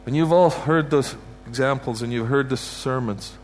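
Speaking at a medium pitch and normal speed, a man from Canada preaches as a guest in a church sanctuary. His sermon is heartfelt, with points repeated for emphasis and blessings spoken over the congregation. A faint hiss or hum can be heard.

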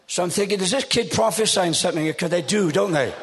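A man in his seventies preaching a humorous, animated storytelling sermon on stage. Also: high voice, a little fast, hardly any pauses, long reverb tail. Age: 70s.

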